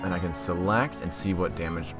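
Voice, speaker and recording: A man's voice: low-pitched, brisk. A young man in his late teens chatting through a game and reading its text aloud, joking about himself and laughing often. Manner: giggly, self-deprecating. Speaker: let's play host. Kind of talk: casual gameplay commentary. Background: game music.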